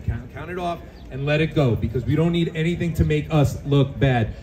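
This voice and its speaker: A man's voice: a little high, brisk, dark tone. Urgent man giving crowd instructions. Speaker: rally organizer, emcee. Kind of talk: addressing a crowd. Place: outdoors at a street rally.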